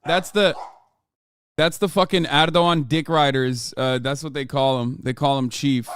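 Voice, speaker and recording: A man's voice: fairly high pitch, steady tone, moderate pace, fairly bright tone, slight background noise. A man in his thirties from Turkey, a Turkish native speaker working as a political commentator, reacting to chat in a casual, profane, sarcastic livestream. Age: 30s.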